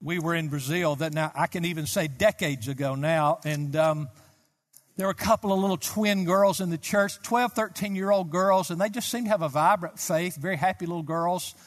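Older man, Baptist pastor, sermon, emphatic and fervent, fairly high voice, long hall echo. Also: normal speed. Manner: emphatic, rising to fervent peaks.

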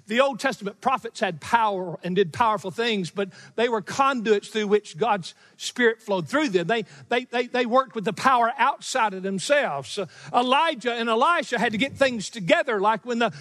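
A middle-aged man delivers a sermon from the pulpit. His voice sits high for a man and rings out with a long hall reverb. He presses hard on key phrases, drawing them out slowly, and breaks into small chuckles between points. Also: a bit bright. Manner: emphatic preaching, slowing for key phrases, chuckling asides. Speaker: pastor. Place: church sanctuary.

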